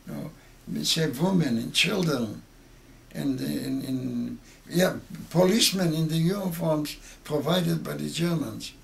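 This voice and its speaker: A man in his eighties with Yiddish as his first language, telling a story with halting, repeated words that grow emotional. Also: on the high side, vocal fry. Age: 80s. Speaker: interviewee. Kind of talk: oral history interview.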